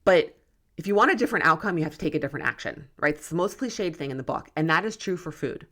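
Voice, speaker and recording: Emphatic woman podcaster, low voice. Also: animated, fast, fairly bright tone. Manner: emphatic, worked up, tough-love. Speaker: podcast host, nutrition coach. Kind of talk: passionate solo podcast talk.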